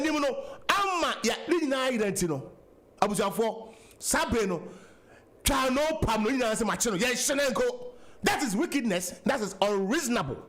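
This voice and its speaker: A man's voice: very high voice, fairly bright tone. A man with a Ghanaian accent hosting a political talk radio show, speaking in an impassioned, repetitive way and switching between English and Twi.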